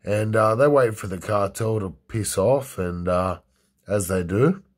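A man's voice: lowish voice, a little slow. A young man casually telling a crude story, rambling with many fillers.

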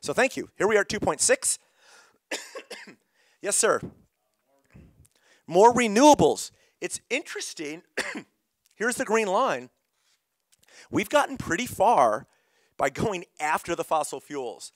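A man's voice: high-pitched, sing-song, slow pace, long pauses, no room sound. A middle-aged man leading an interactive climate workshop, calling on audience members while losing his voice. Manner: engaging, calls on audience members.

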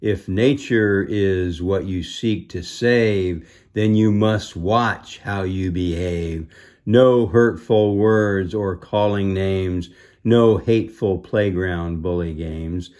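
A man's voice: sits low, steady tone. A man chanting as a menacing sorcerer's shadow. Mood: ominous. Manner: slow, loud, rhythmic chanting.

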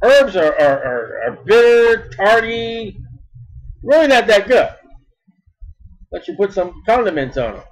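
Guy preaching a sermon, high voice, punchy, repeats himself, goes loud then quiet. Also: big pitch swings, unhurried, pauses often, low-quality recording. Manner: emphatic, repeats words, shifts between loud and soft.

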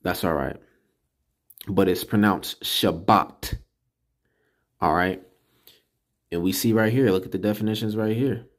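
A man giving a casual screen-recorded lesson, slowly sounding out syllables and repeating words to drill them. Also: lowish voice. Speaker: religious teacher. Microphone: computer mic while screen recording.

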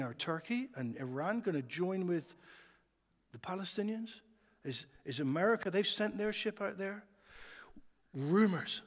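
A man preaching a sermon in a chatty, lively way, often putting rhetorical questions to the congregation. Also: sits high. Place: church hall. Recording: long church reverb.

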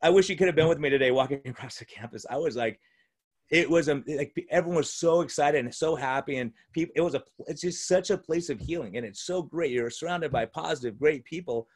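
A man's voice: a little high, brisk. A male physician and podcast host in casual conversation at home, enthusiastic and rambling, often restarting his sentences. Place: room at home.

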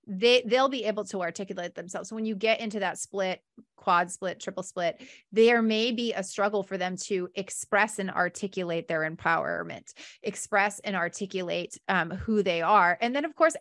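Woman podcast coach, middle-pitched, chatty and expressive, dry close-mic sound. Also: no room sound. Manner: chatty and expressive, often asking "right?". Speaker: business coach and podcast host. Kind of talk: conversational podcast teaching.

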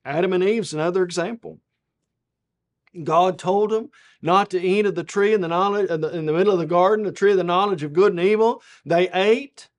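A man preaching a televised Bible lesson, rising to emphatic peaks and then dropping low and soft, quoting scripture in a measured cadence.

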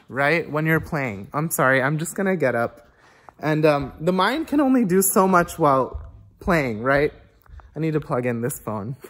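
A woman gives a casual spoken oboe lesson, rambling and thinking aloud while humming phrases on syllables to show how they should flow. Her voice sits low with a fairly bright tone.

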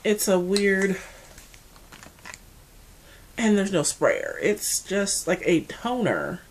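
A woman from the Mid-Atlantic United States with an American accent, chatting casually to camera as a beauty vlogger, animated and full of asides. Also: mid-range voice, very slow, a little hiss or hum.

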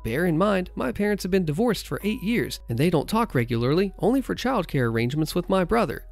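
A man's voice: high-pitched, sing-song, a little fast, gravelly, no room sound, faint music behind. A man narrating a first-person story in a conversational retelling.

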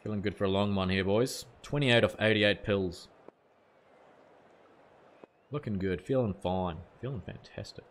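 Young New Zealand man, lowish voice, casual gaming streamer, reads chat aloud, light swearing. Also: a little slow, pauses often, a little hiss or hum. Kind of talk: live gameplay commentary, chatting with viewers.

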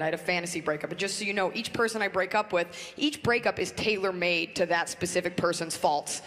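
A young woman from Southern California doing a stand-up comedy set on a club stage, brash and deadpan, acting out shrill squealing quarrels. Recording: big hall reverb with audience noise.

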